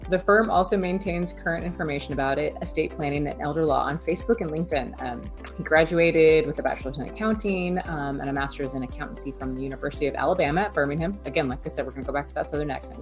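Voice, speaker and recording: Lady hosting a video event, lowish voice, super upbeat, giggles a lot, soft music behind. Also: fast. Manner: bubbly, giggly, enthusiastic. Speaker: event host. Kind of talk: introducing a speaker.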